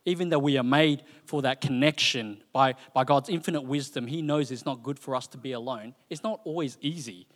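A man giving a sermon in a church hall, talking in a conversational, animated way with frequent fillers and restarts. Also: mid-range voice, fairly quick, hardly any pauses. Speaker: preacher. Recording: reverberant hall.

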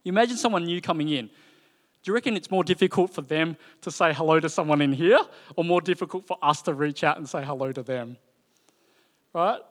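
Male preacher, chatty and animated, slightly high voice, long reverb from a church hall. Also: fairly quick. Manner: conversational, animated storytelling with frequent fillers. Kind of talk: sermon.

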